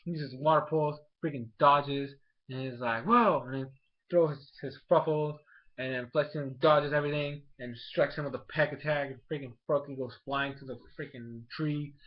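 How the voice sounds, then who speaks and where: Man, slightly high voice, excitable rambling recap, dull lo-fi sound. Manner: excitable, rambling, acts out characters in quick voices. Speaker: anime reviewer. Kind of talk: casual episode recap.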